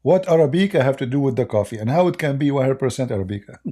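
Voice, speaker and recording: A man's voice: mid-range voice, expressive, quick pace, dark tone. A man hosting a live debate stream in casual, mocking chat, rambling and laughing often, his voice worn and going. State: losing his voice.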